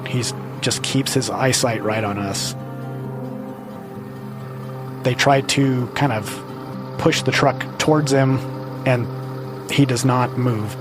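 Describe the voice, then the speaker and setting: A man telling his own true story for a podcast, earnest and halting, with small restarts. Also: mid-range voice. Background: music underneath.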